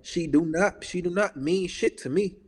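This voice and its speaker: A man in his early thirties rants about politics in a casual talk show, heated, profane and emphatic, hammering each point again and again. His voice sits a little high for a man and trails off into a long reverb. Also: normal speed, breathy edge. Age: 30s.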